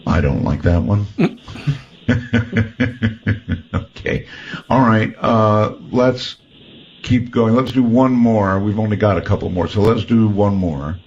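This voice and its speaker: A low-pitched man hosts a relaxed chat, often restarting his sentences as he thinks aloud. The audio is dull and lo-fi with a faint hiss underneath. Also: takes it slowly, long pauses. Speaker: host. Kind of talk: casual chat reviewing recordings.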